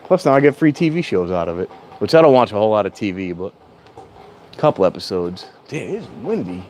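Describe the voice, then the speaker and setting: A man's voice: fairly low pitch, big pitch swings, brisk, a little mellow. A man vlogging in a casual, rambling way outdoors at a train station in strong wind, talking into a clip-on mic plugged into his phone and now and then raising his voice. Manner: rambling, chatty, self-correcting, sometimes raises his voice. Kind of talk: casual rambling vlog chat. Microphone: clip-on mic plugged into a handheld phone.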